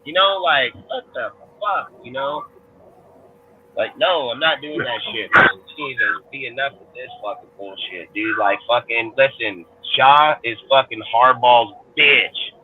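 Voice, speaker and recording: A man's voice: mid-range voice, unhurried, phone-quality sound, background noise. A man with a Californian accent ranting angrily about football on a fan panel show, swearing constantly and restarting his sentences. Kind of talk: heated profane sports rant.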